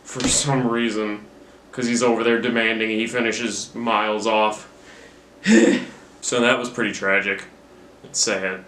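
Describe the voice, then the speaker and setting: A man's voice: on the low side, flat delivery, unhurried, pushed and bright, slight background noise. A young man giving a rambling, profane and self-mocking recap of a movie he just saw, talking into his camera at home. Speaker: movie reviewer. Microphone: camera mic. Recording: roomy camera-mic recording.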